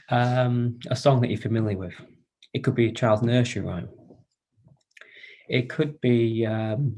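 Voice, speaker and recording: A man presenting an online workshop for carers over a video call, speaking in a gentle, inviting way with frequent hesitations and restarts. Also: mid-range voice.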